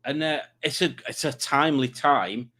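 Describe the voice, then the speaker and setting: A man's voice: mid-range voice, moderate pace, pushed and bright. A man hosting a live stream, chatting casually and joking while reading out viewer comments. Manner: playful, jokey, chatty asides.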